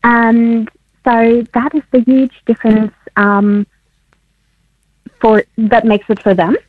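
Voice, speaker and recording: A woman with a fairly high, breathy voice talks friendly and simply, laughing between points. She comes through a tinny, narrow phone line, as a guest on a radio show. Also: level tone, slow pace, no room sound. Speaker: guest researcher.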